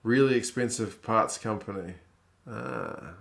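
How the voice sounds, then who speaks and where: A man's voice: lowish voice, unhurried, gravelly. A man in his thirties with a New Zealand accent, hosting a live stream and chatting casually as he reads out viewer comments in a laid-back, wry way.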